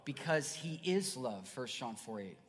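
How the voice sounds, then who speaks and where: Earnest pastor preaching in a reverberant hall. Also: male voice, mid-range voice, sing-song, unhurried. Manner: earnest, swings between soft murmurs and loud emphatic bursts. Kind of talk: sermon. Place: church sanctuary.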